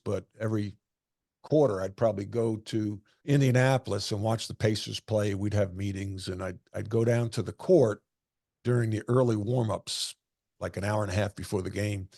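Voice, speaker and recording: A man's voice: lowish voice, a little mellow, no room sound, clean studio sound. A man in his sixties, a former basketball coach, answering interview questions with earnest anecdotes and repeating phrases for emphasis. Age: 60s.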